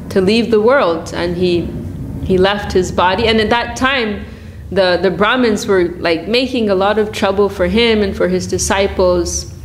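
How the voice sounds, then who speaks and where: Woman, devotional class speaker; slow, unhurried storytelling, mid-pitched, easy restarts and light laughs.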